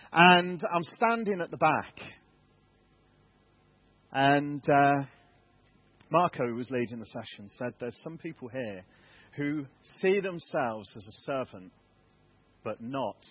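A man's voice: on the high side, husky, highs cut off. An English man, a church elder, giving a candid, self-deprecating testimony sermon in a church. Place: church hall.

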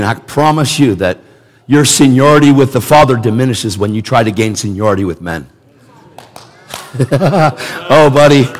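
A man preaching a sermon in an emphatic, conversational way, repeating words for emphasis. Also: medium pitch. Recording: long reverb of a large hall.

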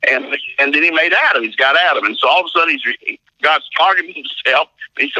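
Man, middle-aged, pastor, folksy storytelling, tense bright tone, dry. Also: fairly high pitch, lively intonation, a little fast, hardly any pauses, no echo, low-quality recording. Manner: folksy, acts out voices in stories, laughs often. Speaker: pastor and marriage seminar teacher. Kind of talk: animated interview storytelling.

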